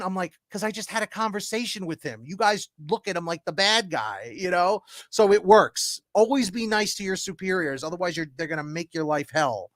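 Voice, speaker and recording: A young man hosting a casual tarot livestream, telling animated stories with big swings in pitch and volume. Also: normal speed, no room sound, studio quality. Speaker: tarot reader, stream host.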